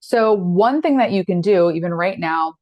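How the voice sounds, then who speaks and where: A woman's voice: on the low side, moderate pace, dry recording, muffled recording. Earnest woman teaching an online masterclass. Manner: earnest, direct, encouraging, with animated quoted asides.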